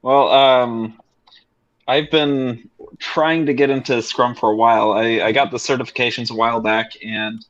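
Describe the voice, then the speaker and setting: A man's voice: medium pitch, steady tone, moderate pace, fairly bright tone, muffled recording. A man joining as a guest on a video call, talking hesitantly with many fillers. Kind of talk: casual video-call conversation.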